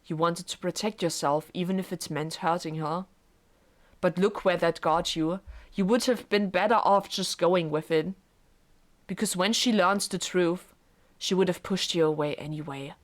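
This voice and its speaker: A woman reading a visual novel aloud, voicing the cold, taunting inner voice of a witch in a low, hushed, scornful tone. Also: moderate pace, natural voice.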